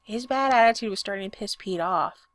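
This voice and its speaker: A woman reading fiction aloud in an expressive, plain-spoken way. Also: medium pitch, fairly quick, dry recording. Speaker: story reader.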